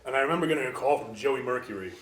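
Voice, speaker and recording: A man telling a wild story as an interview guest, animated, acting out quoted voices and laughing often. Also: medium pitch, rapid-fire, reverberant, a little hiss or hum. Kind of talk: casual storytelling.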